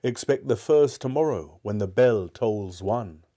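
A man's voice: on the low side, lively intonation, dark tone. A man reading a grave, mournful ghost. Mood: solemn. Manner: solemn, grave, slow. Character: mournful male ghost, heavy with regret.

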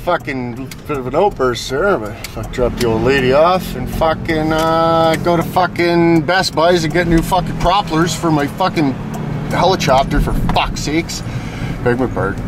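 A man's voice: a little high, moderate pace, noisy background. A man rambling casually and profanely about his projects, full of folksy slang. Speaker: vlogger.

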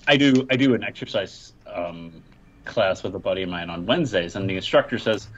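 A man with a mid-range voice tells an anecdote in a casual chat, his pitch swinging widely as he talks. The sound is muffled and lo-fi, with faint noise behind it. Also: fairly quick. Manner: animated storyteller. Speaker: podcast panelist. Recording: dull lo-fi line with faint noise.

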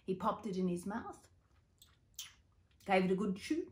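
Australian female storyteller for children, unhurried, playful, interactive with listeners. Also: medium pitch, background noise. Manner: playful, animated sound effects, addresses listeners.

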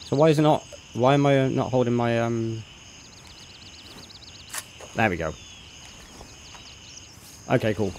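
A young man talks through a game live, thinking aloud as he sorts his gear. He chats casually with his viewers and greets them in a loud, upbeat burst. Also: medium pitch, measured pace, long pauses, slight background noise. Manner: chatty, thinks aloud, greets chat loudly. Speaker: game streamer. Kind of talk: live gameplay commentary.

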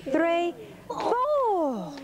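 On a hissy 1980s TV broadcast tape, a children's show host speaks in a very high-pitched, sing-song voice, drawing out her words. She coaxes and encourages preschoolers in a studio while crowd noise fills the background.

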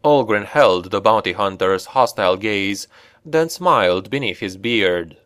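A man narrating a dark fantasy story in a steady, measured way. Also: fairly low pitch, dry recording, studio quality. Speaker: audiobook narrator.

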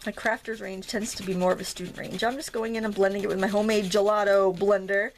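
A woman from Maine with a Maine accent, demonstrating a craft project in a chatty, joking manner. Her voice has a gravelly edge at a middle pitch. A faint hiss sits under the recording. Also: steady tone, fast talker. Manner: chatty, jokey, self-deprecating. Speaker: craft tutorial host.

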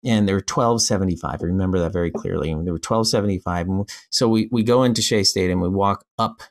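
Guest spot: man with a lowish voice, animated casual storyteller who acts out the dialogue. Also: fast talker. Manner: animated, acts out quoted dialogue, frequent "like" fillers. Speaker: podcast guest.

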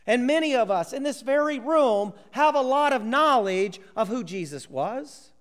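A male pastor preaching a sermon, acting out voices of biblical characters and dropping to a hushed whisper for emphasis. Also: very high-pitched, lively intonation, moderate pace, in a large hall.

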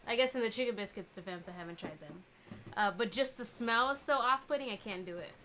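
A woman's voice: fairly high pitch, animated, fast talker, pushed and bright, slight background noise. A woman co-hosting a livestream, trading teasing, laughing banter in casual chat. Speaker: co-host.

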